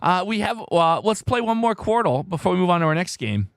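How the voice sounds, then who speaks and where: A man hosting a live word-game stream, reading out viewers' guesses in an excitable way, his voice worn hoarse. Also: sits high, a little fast, no room sound, clean studio sound. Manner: animated, excitable, shouts "No!" at wrong guesses. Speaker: livestream host.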